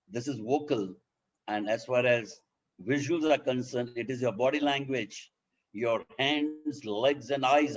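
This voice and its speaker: A man's voice: medium pitch, darkish tone, slightly rough, muffled recording. A man with an Indian accent giving a public speaking lesson, demonstrating points by voicing example sentences. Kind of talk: instructional talk.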